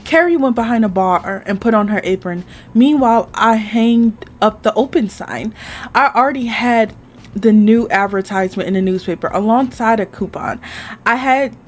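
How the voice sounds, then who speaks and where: A woman hosting a gaming channel, reading a dating game aloud in the first person, with casual asides. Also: mid-range voice.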